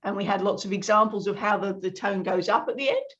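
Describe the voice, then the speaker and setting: A woman's voice: medium pitch, fast talker, dull audio. A woman communication coach speaking as a guest in a conversational interview, explaining her points with frequent restarts.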